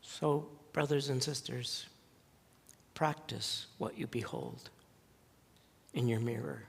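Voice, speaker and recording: A male pastor preaching a sermon, telling a story slowly and earnestly with dramatic pauses. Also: medium pitch, gravelly, husky. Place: church sanctuary. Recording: long church reverb.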